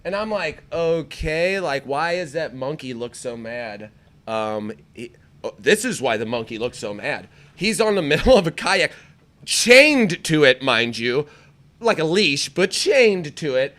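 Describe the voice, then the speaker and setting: A man's voice: on the high side, a little slow. A man from the American Midwest co-hosting a casual podcast, swearing a lot and laughing often as he talks. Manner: profane, excitable, laughs often. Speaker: podcast co-host. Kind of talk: casual chat.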